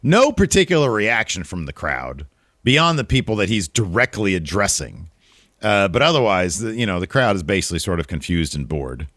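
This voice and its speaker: Male podcast co-host, low voice, animated and profane, dry close sound. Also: dry recording. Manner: animated, profane, quick asides. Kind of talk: casual wrestling review chat.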